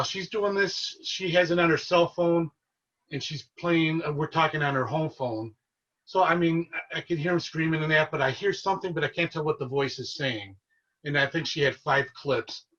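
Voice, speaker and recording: Husky, bright-voiced man telling ghost stories. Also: a little high, distant mic, muffled recording. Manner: earnest, excitable storyteller who relives events. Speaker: paranormal investigator guest. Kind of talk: casual storytelling interview.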